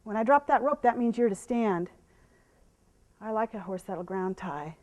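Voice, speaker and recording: A woman horse trainer giving a live demonstration, explaining to viewers and softly praising the horse, sometimes dropping to a hush. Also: mid-range voice, normal speed. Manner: drops to a hushed whisper when calming the horse.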